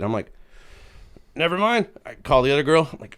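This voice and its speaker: Lively storytelling man, laughing often. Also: on the high side, fast talker, vocal fry, a little hiss or hum. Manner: laughing, animated storytelling with acted quotes. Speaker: podcast guest. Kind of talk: casual chat, telling a story.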